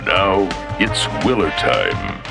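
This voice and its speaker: Deep smooth mock beer-ad pitchman, lively pitch, loud music under the film clip. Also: slow pace, heavily acted. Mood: confident. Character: deep male beer-ad announcer parody. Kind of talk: mock commercial voice-over.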